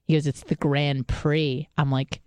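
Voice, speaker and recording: A woman co-hosting a radio talk show, telling stories in a candid, profane way with many fillers and restarts, and jumping much higher when she quotes people. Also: little pitch movement, a little slow, a little mellow, clear, resonant tone, no echo. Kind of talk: casual chat, storytelling.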